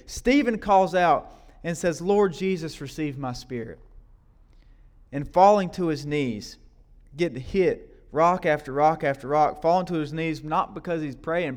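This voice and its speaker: Preaching as a guest at a church service, this man keeps his sermon casual, repeating himself and adding "right?" as he questions and prompts the congregation. His voice sits on the high side at a moderate pace.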